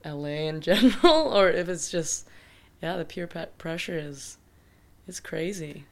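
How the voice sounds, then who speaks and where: A woman's voice: lowish voice, animated, unhurried. A woman in her thirties sharing thoughts reflectively in a casual conversation. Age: 30s. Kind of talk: casual chat.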